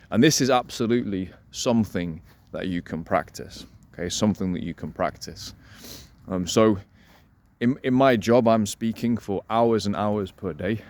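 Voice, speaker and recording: A man coaching listeners on voice and delivery, energetic and emphatic, repeating his key points and slowing down to demonstrate. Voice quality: resonant voice. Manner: deliberately slows and lowers voice to demonstrate. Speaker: dating coach. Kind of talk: instructional talk to camera.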